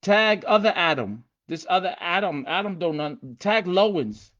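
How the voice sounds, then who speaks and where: A man hosting a casual livestream, hyped and streetwise, repeating himself and shouting out viewers by name. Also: high voice, animated, normal speed, dull audio. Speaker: livestream host teaching game rules.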